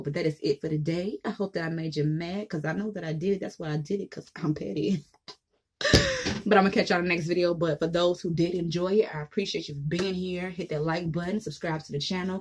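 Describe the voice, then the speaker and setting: A woman's voice: on the low side, a little mellow, slightly rough. A woman vlogger giving a blunt, profane monologue to camera, mocking the people she talks about.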